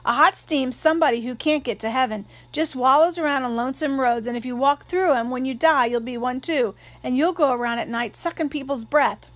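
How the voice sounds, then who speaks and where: A woman voicing a bossy older boy who scolds and shouts at his little sister in a storybook reading. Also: high voice, brisk, few pauses. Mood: spooky telling.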